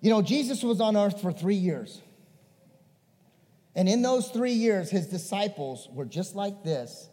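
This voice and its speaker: A male pastor preaching a sermon, swinging between emphatic and hushed. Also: high-pitched, lively intonation, a little slow, long reverb tail.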